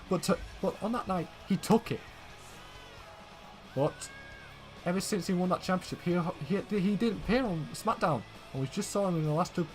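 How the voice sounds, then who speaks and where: A young man doing play-by-play wrestling commentary, excitable and shouting at big moments, often calling out "ladies and gentlemen". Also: fairly high pitch. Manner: excitable, shouting when the action peaks, then calmer recap.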